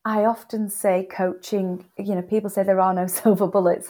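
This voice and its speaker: A woman's voice: medium pitch, flat delivery, moderate pace, warm tone. A woman, an author and coaching guest on a podcast interview, answering earnestly and emphatically, repeating words for stress.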